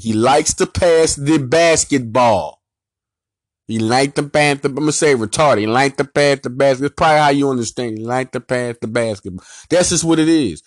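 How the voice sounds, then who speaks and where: Philly guy on his sports podcast going off, slangy and loud about it, dry close mic. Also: medium pitch, normal speed, dry recording. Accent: Philadelphia. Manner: animated, emphatic, slangy, repeats himself. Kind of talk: casual sports rant.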